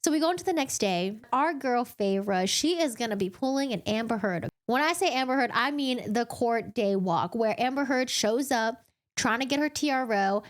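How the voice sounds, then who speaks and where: A young woman gives a casual, rambling recap of a novel to her viewers. She giggles often and jumps into playful voices for the characters. Her voice sits a little above the usual pitch for a woman. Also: lively intonation. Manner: chatty, giggly, acts out characters in quick put-on voices. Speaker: book channel host.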